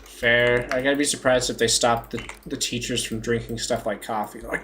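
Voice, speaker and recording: A man's voice: mid-range voice, steady tone, normal speed, fairly bright tone, slight background noise. A young man chatting casually on a live stream, joking, self-mocking and laughing often.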